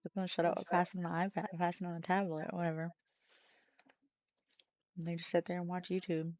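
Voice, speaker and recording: A woman's voice: fairly low pitch, little pitch movement, fairly quick, a little mellow. A woman streamer chatting casually while gaming, telling rambling stories, swearing freely and laughing often.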